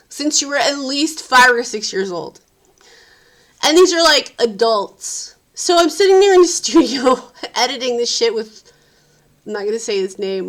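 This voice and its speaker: A woman's voice: sits high, expressive, unhurried, a bit bright. Tired, ranting woman vlogger. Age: adult parent. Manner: profane, exasperated ranting. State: sleep-deprived, tired. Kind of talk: casual venting vlog.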